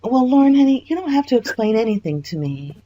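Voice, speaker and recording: Earnest caller, mid pitch, apologetic and reassuring on a phone call. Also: very animated, fast, warm tone.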